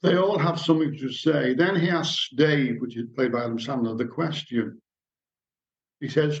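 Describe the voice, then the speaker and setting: A man in middle age lectures to a society gathering, weaving anecdotes into his talk and reading passages aloud. His voice sits at an ordinary pitch. The recording is dull and lo-fi. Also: normal speed. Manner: storytelling, reads passages aloud.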